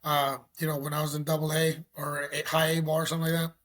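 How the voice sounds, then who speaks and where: A middle-aged man from Mexico, a former pro pitcher, telling stories in a casual interview, animated and acting out phone calls. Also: fast. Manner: animated, acts out phone calls, says "you know" often.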